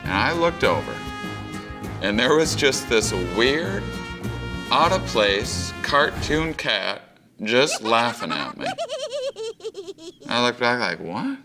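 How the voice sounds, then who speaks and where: A man telling a comic story, animated and acting out the voices, jumping high when he plays his own panic. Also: slow, pauses often, over music. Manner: animated, acts out voices, big pitch jumps for panic. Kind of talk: comedic storytelling.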